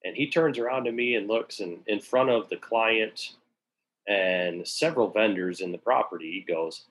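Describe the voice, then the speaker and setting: A man's voice: on the low side, normal speed, a bit bright, rough recording. A man casually telling a long work story, sprinkled with swearing and acted-out quotes. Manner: casual, profane, acts out quoted voices.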